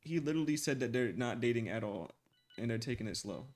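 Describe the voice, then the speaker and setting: A young man streaming live, chatting casually with his viewers in animated slang and laughing often. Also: medium pitch, fast talker. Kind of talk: casual livestream chat with viewers.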